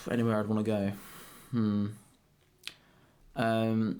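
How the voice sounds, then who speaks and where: A young man in his twenties talks in a low voice on a casual podcast. He rambles, swears now and then and breaks into laughter often. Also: normal speed, a little mellow. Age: 20s. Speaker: podcast co-host. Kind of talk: casual chat.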